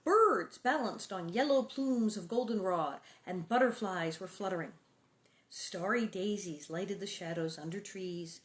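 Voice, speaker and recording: A middle-aged woman reads a children's book aloud and often breaks off to chat about it. She adds playful sound effects and now and then drops to a soft whisper. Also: medium pitch, a little slow. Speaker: reader and host.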